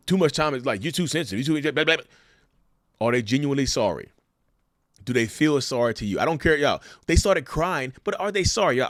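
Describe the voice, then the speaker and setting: A man's voice: mid-range voice, a bit bright, no echo, clean studio sound. A man giving casual, emphatic commentary on relationships, asking the viewers rhetorical questions and calling them y'all. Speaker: commentator sharing a narcissist's view.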